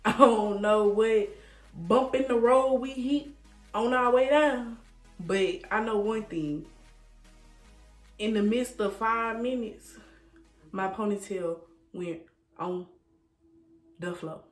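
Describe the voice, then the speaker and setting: Brief: slow, drawling woman storyteller, lively and laughing, in an echoey room. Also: a little high, soft background music. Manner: animated, laughing, repeats phrases for effect. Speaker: storytime vlogger. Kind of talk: casual storytelling.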